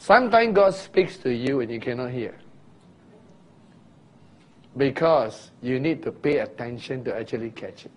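A man teaching a Bible sermon in an unhurried, deliberate way, pausing to quiz his listeners and breaking into sudden loud sound illustrations. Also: mid-range voice, lively intonation. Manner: asks listeners questions directly. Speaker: preacher.

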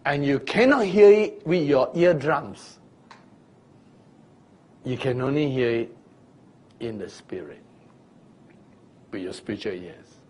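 Slow, deliberate male preacher. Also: medium pitch. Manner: slow, deliberate teaching with sudden loud vocal illustrations; asks listeners questions directly. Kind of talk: Bible teaching sermon.

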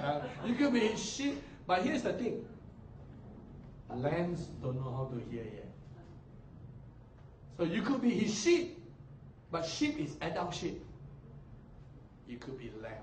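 A man preaching a sermon as pastor, animated, often mimicking people and swinging between loud and soft delivery. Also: fairly high pitch, measured pace, pauses often, noisy background. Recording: echoey hall, distant mic.

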